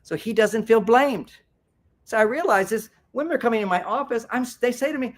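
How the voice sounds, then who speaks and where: An older man, a therapist, giving a lively talk at a fair and acting out quoted voices with big pitch jumps. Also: moderate pace. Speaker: speaker at a spiritual fair. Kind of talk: lecture to an audience.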